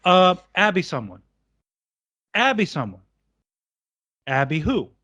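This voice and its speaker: A man's voice: sits high, takes it slowly. A man co-hosting a casual film podcast, retelling scenes and acting out lines with gusto. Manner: animated, acts out movie lines. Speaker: podcast co-host.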